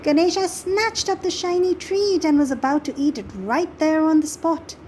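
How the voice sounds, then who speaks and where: A woman reading a picture book aloud to young children, gently expressive and pausing to ask the listener questions about the pictures. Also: high-pitched, a little hiss or hum, poor audio. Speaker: storybook reader.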